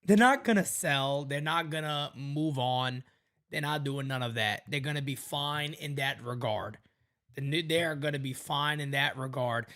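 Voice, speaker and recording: A man's voice: mid-range voice, fairly even intonation, moderate pace, bright, forceful tone. A man hosting a sports talk podcast, making his points emphatically and repeating them for weight. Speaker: host.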